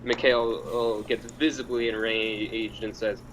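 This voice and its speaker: A man with a middle-pitched voice plays a tabletop game. He describes what his character does in a hesitant, halting way, and faint noise sits behind him. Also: steady tone. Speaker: player.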